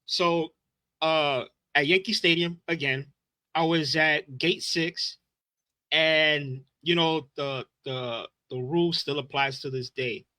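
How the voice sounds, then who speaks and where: Man, podcast co-host, excitable, profane, bright tense voice, dry sound. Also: on the high side, no room sound. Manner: excitable, profane, quick to react. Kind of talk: casual chat, storytelling.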